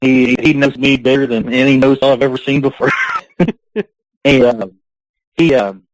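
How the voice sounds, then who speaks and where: A man's voice: mid-range voice, normal speed, no room sound, poor audio. A man being interviewed on a podcast, telling long rambling stories and laughing between them. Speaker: guest, pro wrestler. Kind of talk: casual podcast interview storytelling.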